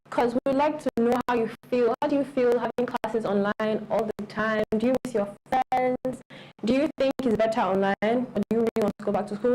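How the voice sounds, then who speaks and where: A woman's voice: a little high, dark tone, a little hiss or hum, low-quality recording. A woman with a Nigerian accent co-hosting a live show, reading chat reactions and encouraging people to speak. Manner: encouraging, inviting participation.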